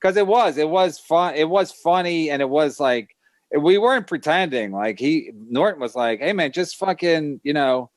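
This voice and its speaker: A podcast host talking casually and candidly, loose and profane. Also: male voice, fairly high pitch, animated, normal speed, no echo. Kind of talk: casual chat, recounting.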